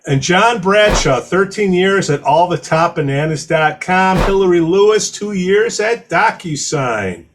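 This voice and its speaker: Joking podcast co-host, raised pitch. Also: male voice, lively intonation, noisy background. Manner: joking, teasing, quick asides. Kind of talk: casual podcast chat.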